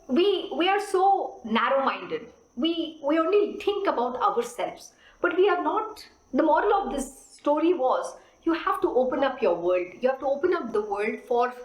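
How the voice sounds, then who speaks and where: A woman spiritual teacher giving a devotional discourse, expressive and full of rhetorical questions. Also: high-pitched. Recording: roomy echo.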